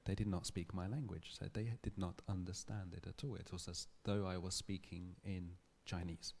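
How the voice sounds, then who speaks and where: A man giving a public lecture, telling a story in a thoughtful, measured way with small restarts. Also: low voice, little pitch movement, darkish tone. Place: lecture hall.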